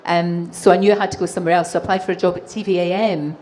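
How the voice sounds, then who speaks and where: A woman in her sixties with a Glaswegian Scottish accent, a TV presenter answering audience questions on stage, animated and laughing often. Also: lowish voice, rapid-fire, slight background noise. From Scotland. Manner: animated storytelling with frequent laughs. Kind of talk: live stage Q&A. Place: exhibition hall stage.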